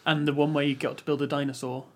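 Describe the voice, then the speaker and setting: A man's voice: fairly high pitch, flat delivery, quick pace. A British man in a casual podcast chat, joking and teasing the others. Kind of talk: casual banter.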